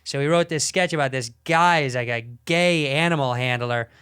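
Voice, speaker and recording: A man co-hosting a podcast, telling an animated, profane story in casual talk with frequent restarts. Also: a little high, normal speed, clean tone. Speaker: podcast co-host.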